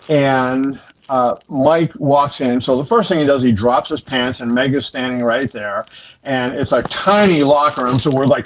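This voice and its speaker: A middle-aged man recounts stories in a loose, rambling way, full of fillers and small laughs. His voice sits at an ordinary pitch. The sound is a little muffled and lo-fi, with a faint hiss behind him. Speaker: boxing journalist guest. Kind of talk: conversational storytelling. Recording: slightly dull lo-fi sound with faint noise.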